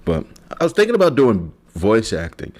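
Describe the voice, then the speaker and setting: A man's voice: on the low side, huge pitch swings, normal speed, a little mellow. A man hosting his own solo podcast, talking in a rambling, joking way that often breaks off and restarts. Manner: rambling, joking, self-interrupting. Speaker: podcast host. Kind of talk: casual solo podcast monologue.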